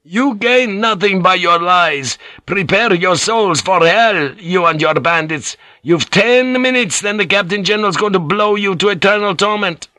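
A man voicing a male Jesuit priest acting as interpreter, who pleads and shouts in a raised voice in an audiobook reading. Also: medium pitch, big pitch swings, moderate pace, no echo. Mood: fierce shouting.

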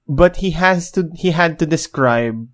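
A man's voice: fairly high pitch, unhurried. A man co-hosting a podcast in casual tech chat, teasing and laughing often as he talks. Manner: giggly, teasing, lots of laughter. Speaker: podcast co-host. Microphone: desk mic.

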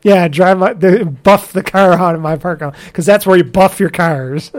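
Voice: mid-range voice, a little mellow. A speaker ranting in casual chat, cursing often, laughing, and acting out what others said. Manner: ranting, profane, quick to laugh, acts out what people said.

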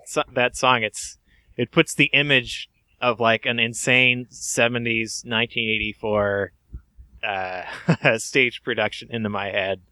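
A man co-hosting a podcast in casual chat, mild and hesitant, filling pauses with uhs and small laughs. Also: mid-range voice, steady tone, pushed and bright. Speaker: podcast co-host.

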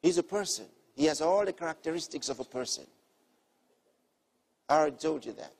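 Delivering a sermon with earnest teaching, a man repeats key phrases and swings from gentle, hushed lines to forceful ones. He speaks fairly quickly and animatedly in a fairly high, husky voice with vocal fry.

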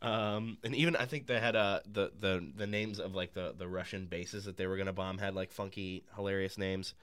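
A man's voice: low-pitched, fairly even intonation, brisk, a bit bright, clear, resonant tone, no echo. A man chatting casually about a film, hesitant, with frequent ums and restarts, laughing easily.

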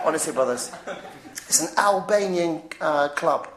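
A woman giving an informal religious talk, animated, chuckling now and then and repeating her points. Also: deep voice, measured pace. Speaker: preacher. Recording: roomy echo.

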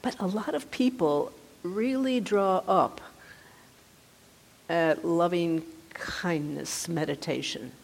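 Woman teacher, low voice, gentle conversational talk, hall echo. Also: takes it slowly, creaky. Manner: gentle, conversational, with frequent restarts. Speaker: meditation teacher. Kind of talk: dharma talk. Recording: reverberant hall.

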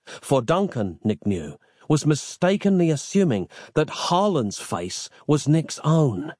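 A man narrating a fantasy audiobook in an expressive, theatrical storytelling manner. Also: fairly high pitch, slow pace, no echo, clean studio sound.

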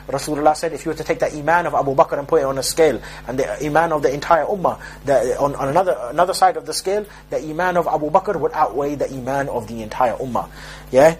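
A man's voice: fairly high pitch, a little hiss or hum, low-quality recording. A man preaching a sermon in an emphatic, street-style way, often restarting his sentences.

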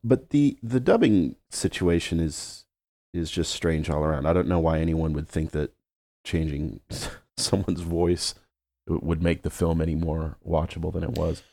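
A man chatting casually about a film, breaking into animated exclamations. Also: a bass voice, normal speed, creaky, no echo. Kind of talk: casual film-discussion chat.

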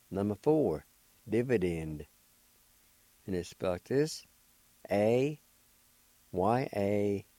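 Slow, patient older man teaching pronunciation. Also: on the low side, mellow, no echo. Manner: patient, spells letters and repeats syllables slowly. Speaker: language teacher and radio host. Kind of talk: slow word-by-word pronunciation lesson.

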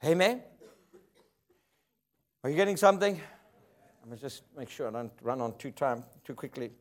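A man's voice: mid-range voice, lively intonation, moderate pace. A man preaching a sermon, emphatic and rhythmic, often asking the congregation for an amen. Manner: emphatic, call-and-response preaching.

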